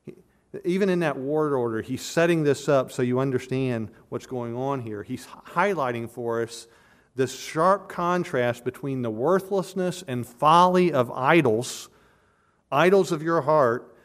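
A man's voice: medium pitch, unhurried. A man preaching an expository sermon, earnest and emphatic, often restarting and repeating words as he builds to a point. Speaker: pastor.

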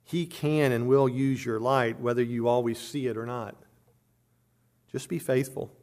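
A man's voice: steady tone, unhurried, darkish tone. Earnest male preacher, emphatic. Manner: earnest preaching with frequent word repetitions and restarts; rises in pitch and volume on emphatic points. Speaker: pastor. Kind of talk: sermon.

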